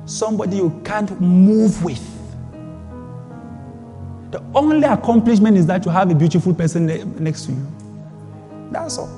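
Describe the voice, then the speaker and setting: A male preacher with a strikingly high, lively voice delivers a sermon, driving home his points with repetition and rhetorical questions. He speaks at a moderate pace and pauses often, in a hall with long reverb and faint music underneath.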